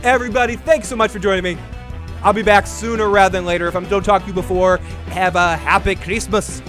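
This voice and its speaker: A man co-hosting a chatty podcast, his voice sitting a bit high. He rambles and restarts his sentences, then ends on energetic sign-offs. Faint music plays behind him. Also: quick pace. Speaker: podcast co-host. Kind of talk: casual chat.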